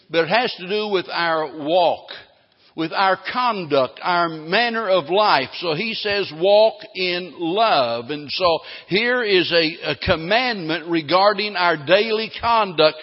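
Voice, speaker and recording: High-voiced man preaching in an echoing hall. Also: dull audio. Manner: emphatic preaching, slowing down to stress key phrases. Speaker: pastor. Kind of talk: sermon.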